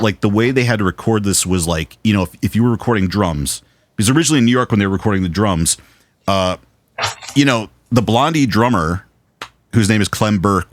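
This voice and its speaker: A man co-hosting a podcast, telling anecdotes in an animated, casual way with some swearing. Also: deep voice. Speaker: podcast co-host. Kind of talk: casual film chat.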